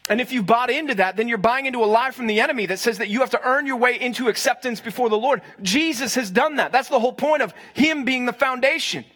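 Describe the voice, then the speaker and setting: A young man with a notably high-pitched voice preaches to his congregation in a conversational way. He pauses for replies and repeats his main points for emphasis. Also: fairly bright tone. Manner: conversational, invites the crowd to answer, repeats for stress. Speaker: pastor. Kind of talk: sermon.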